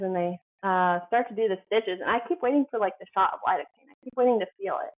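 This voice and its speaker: A woman with a medium-pitched voice talks fast as a podcast guest, telling her story casually. She's chatty, says "like" constantly, and acts out the dialogue she quotes. The audio is narrow-band and sounds like a phone.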